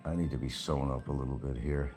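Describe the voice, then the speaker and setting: An older man talks on his own livestream in a very deep, low register. He rambles from one remark to the next with a sarcastic edge and chuckles at his own jokes. Faint music plays in the background. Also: fairly even intonation, quick pace. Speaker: livestream host. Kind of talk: casual livestream chat.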